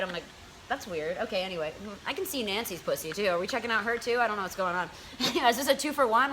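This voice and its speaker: A young woman hosting a casual chat, telling a story in an animated, profane way and mimicking the people in it. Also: medium pitch, very fast, very noisy. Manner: animated, profane, does voices of people in her stories. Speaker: host.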